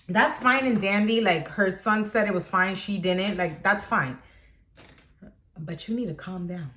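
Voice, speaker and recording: A woman's voice: mid-range voice, measured pace, sharp tone, a little hiss or hum. A woman telling a personal story to her channel in a casual, chatty way full of "like". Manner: chatty, heavy on "like" and filler. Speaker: vlogger.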